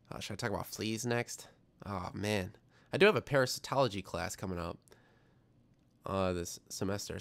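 A young male host of a science livestream talks in a low, creaky, slightly bright voice. He chats loosely, reads chat comments aloud, and makes fun of himself.

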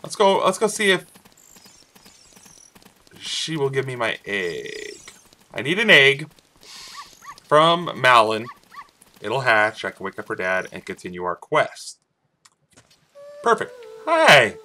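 A man's voice: medium pitch, wildly swooping pitch, slow, long pauses, bright, forceful tone. A man casually commenting on his gameplay, playful and jokey, talking back to the game's characters. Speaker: let's play host. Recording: faint game music behind.

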